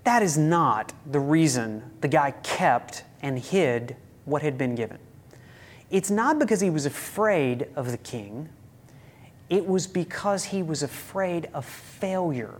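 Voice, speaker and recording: A man's voice: a little high, lively intonation, takes it slowly. A man preaching a sermon as a pastor, emphatic, with rhetorical questions and sudden rises in his voice.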